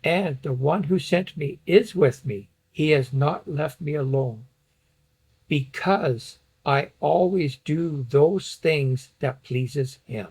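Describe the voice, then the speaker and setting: A man's voice: a little high, takes it slowly, a little mellow, husky, low-quality recording. A man teaching a Bible study lesson from slides, explaining a passage point by point and reading it aloud.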